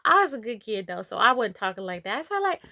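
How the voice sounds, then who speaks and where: A young woman, casually telling a childhood story in a playful, animated way, talking straight to her viewers. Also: fairly high pitch, quick pace, creaky, dry recording, clean studio sound.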